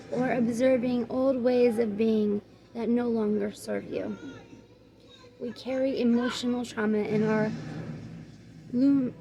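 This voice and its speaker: A woman doing a general tarot reading, reading the card meanings aloud in a calm, earnest way. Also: a little high, poor audio. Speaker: tarot reader.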